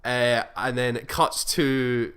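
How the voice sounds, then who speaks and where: A man's voice: medium pitch, fairly even intonation, slow, fairly bright tone, smooth. A man co-hosting a casual podcast chat, rambling through a long story recap with frequent restarts and acted-out quotes. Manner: rambling, self-correcting, acts out quoted lines. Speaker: podcast co-host.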